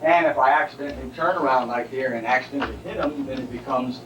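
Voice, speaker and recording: A man's voice: mid-range voice, steady tone, fast, muffled recording. A male karate instructor at a seminar, demonstrating techniques and often checking that his students follow. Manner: explanatory, keeps checking in with listeners. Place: training hall at a seminar. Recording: distant, roomy, noisy 1989 seminar recording.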